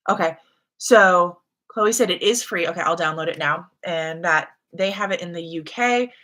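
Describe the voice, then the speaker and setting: Speaking at a moderate pace with a lowish voice, this livestream host is a young woman from the United States. She chats easily during her laid-back reading stream and reads out messages from the chat.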